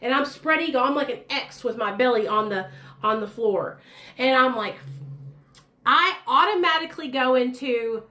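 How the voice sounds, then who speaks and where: A woman's voice: on the high side, normal speed. A woman in her thirties telling her own story in casual, blunt, profane speech, acting out the voices of others. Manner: blunt, profane, animated, acts out quoted voices.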